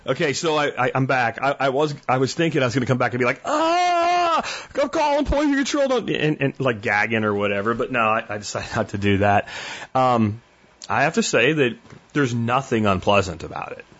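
Male podcast host, husky voice, rambling casual storytelling, lo-fi muffled audio. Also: mid-range voice, a little fast, fairly bright tone. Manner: rambling storytelling with frequent restarts and mild swearing. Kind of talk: casual solo monologue.

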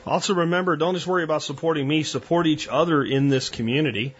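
A man's voice: on the high side, quick pace, highs cut off, a little hiss or hum. A man hosting a podcast, talking bluntly and conversationally with frequent restarts. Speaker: podcast host. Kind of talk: casual monologue.

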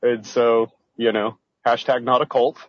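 A man's voice: mid-range voice, little pitch movement, measured pace, no echo, highs cut off. A man who is a guest on a podcast, speaking in an earnest, heartfelt, casual way. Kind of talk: casual interview chat.

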